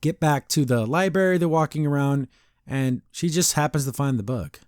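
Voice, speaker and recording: A man's voice: a little high, moderate pace, dry recording. Guy on a podcast rambling through a cartoon recap, does little voices for the characters, dry close sound. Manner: rambling, animated, acts out characters' lines, stammers. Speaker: podcast host reviewing a cartoon episode. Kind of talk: casual recap chat.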